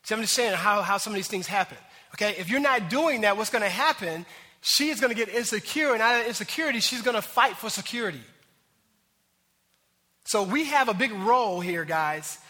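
Guy preaching a sermon, bright voice, lots of hall echo, acts out little voices. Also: high-pitched, animated, brisk. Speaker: pastor.

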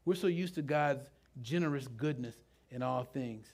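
A man's voice: mid-range voice, moderate pace, darkish tone. A man preaching a sermon in a loose, conversational way, often asking the congregation questions. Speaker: pastor. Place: church with a live congregation.

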